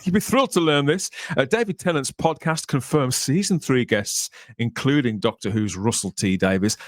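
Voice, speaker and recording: A man's voice: medium pitch, no room sound, studio quality. A man hosting a casual podcast chat, laughing often and reading out news items. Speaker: podcast host.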